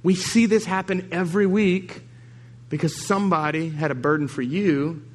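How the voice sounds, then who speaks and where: A man's voice: on the high side, normal speed. Emphatic male pastor preaching. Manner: emphatic, repeats key lines, acts out quoted people. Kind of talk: sermon. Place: church service.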